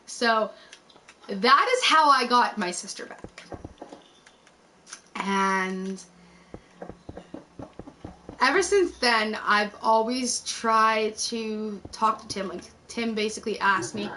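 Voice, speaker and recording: A woman's voice: fairly high pitch, slow pace, pauses often, bright, forceful tone, a little hiss or hum, rough recording. A woman rambling through a personal story in casual chat, swearing freely and acting out what people said. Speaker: YouTube host.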